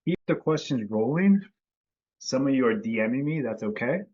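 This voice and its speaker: A man's voice: mid-range voice, lively intonation, moderate pace, darkish tone. A man hosting a casual live-stream lesson, greeting viewers by name over a video call. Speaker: host and company CEO. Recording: slightly dull video-call audio.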